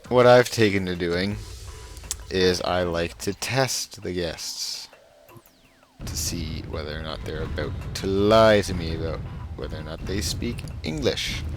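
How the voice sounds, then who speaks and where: A young man giving casual gaming commentary, telling a story in a slow, dry, sarcastic way. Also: low-pitched, a little hiss or hum. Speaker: let's play gamer. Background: game music.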